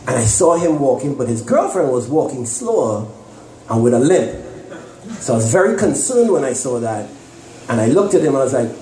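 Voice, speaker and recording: A man's voice: mid-range voice, a little fast, slight background noise. A male stand-up comedian doing a brash, crude set in front of a live audience at a comedy club. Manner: brash, animated, crude punchlines. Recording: echoey club with loud crowd laughter.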